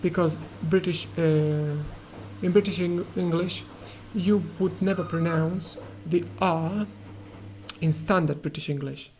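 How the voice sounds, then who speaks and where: A man teaching an English pronunciation lesson, hesitating often with fillers and restarts and repeating words slowly to model their sound. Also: a little high, fairly even intonation, a little mellow, a little hiss or hum, rough recording.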